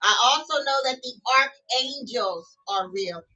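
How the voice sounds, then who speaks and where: A woman's voice: a little high, animated, unhurried, bright, forceful tone. A middle-aged woman chatting casually to her camera at home, folksy and chatty, often laughing and calling her viewers y'all. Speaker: vlogger. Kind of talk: casual spiritual chat to camera. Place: home room with TV and music playing. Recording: distant mic, faint music behind.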